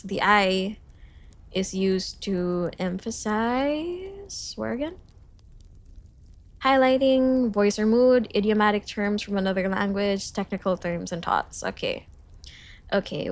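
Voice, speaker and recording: A young woman from the Philippines on a study livestream, reading notes aloud and breaking off for giggly, self-conscious greetings to chat. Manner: reads lessons aloud, then jumps to high cheerful greetings to chat. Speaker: streamer.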